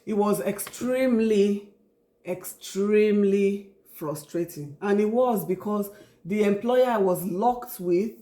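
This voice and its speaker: A woman's voice: medium pitch, slow, dark tone, echoey room. A Nigerian woman in her forties being interviewed about her life, telling her story openly and acting out remembered dialogue. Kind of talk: casual interview.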